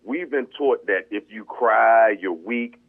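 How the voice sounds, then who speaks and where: A man's voice: lowish voice, takes it slowly, vocal fry. A man calling in to a casual talk show, speaking candidly and repeating words as he gathers his thoughts. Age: older. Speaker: caller. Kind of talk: casual chat. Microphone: phone. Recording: tinny phone line.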